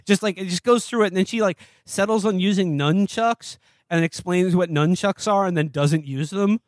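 A man's voice: high voice, normal speed, dry recording, studio quality. A man co-hosting a podcast, reviewing a film in rambling, sarcastic casual chat. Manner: rambling, sarcastic, acts out scenes in silly voices. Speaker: podcast co-host.

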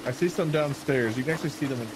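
A man giving short, rapid callouts to teammates during a horror game, over noisy game audio. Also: medium pitch. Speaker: co-host playing a horror game. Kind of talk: casual gaming chat.

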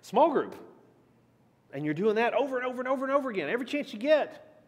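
A man's voice: very high voice, big pitch swings, quick pace, husky, in a large hall. A man teaching a church class in a conversational way, asking the group questions and shifting his emphasis often. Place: church meeting room.

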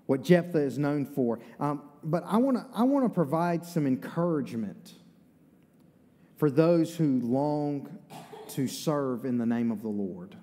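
A man with an Eastern North Carolina accent preaching in a church sanctuary. His voice sits a little high yet stays warm and mellow, and his delivery is folksy and chatty, full of asides. A long reverb of the hall trails every phrase. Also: animated, measured pace. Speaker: pastor. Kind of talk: sermon.

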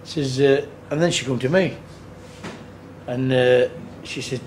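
In a slow, mid-range, slightly mellow voice, a tribute band singer shares a casual, rambling anecdote. He's an earthy storyteller who swears and acts out quotes, recorded noisily on location.

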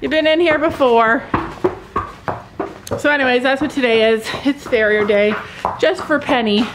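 A woman's voice: high-pitched, moderate pace, noisy background. A woman in her fifties, vlogging casually from a cold barn, talking candidly and emotionally and now and then breaking off to chat to her animals. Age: 50s. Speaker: farm vlogger.

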